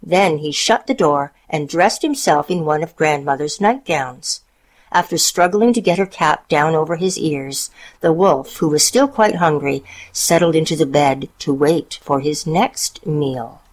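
A woman narrating a storybook in a calm, measured reading voice. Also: deep voice.

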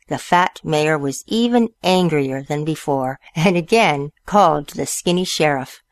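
A woman storyteller reading picture books aloud in a slow, expressive way. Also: low voice, dry recording.

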